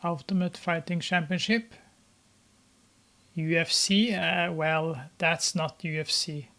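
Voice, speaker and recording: A film commentator giving casual running commentary while watching a movie, talking hesitantly with many filler pauses. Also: mid-range voice, fairly even intonation, a bit bright.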